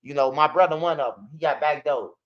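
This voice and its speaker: A man with a high voice hosts a street news channel. He talks in blunt, profane street storytelling. The recording sounds dull and lo-fi. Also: brisk. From Chicago. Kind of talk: casual commentary.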